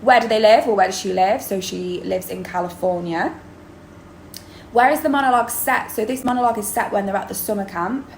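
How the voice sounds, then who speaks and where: A woman's voice: medium pitch, brisk, vocal fry. A woman drama teacher, explaining in a chatty video lesson with many ums. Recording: roomy echo, faint background noise.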